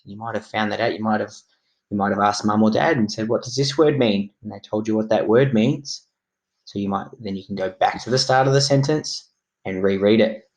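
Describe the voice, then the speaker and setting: A primary school teacher with a fairly low, slightly mellow voice records a reading lesson, apparently in his classroom. He speaks slowly, clearly and encouragingly, pitching his delivery for young children.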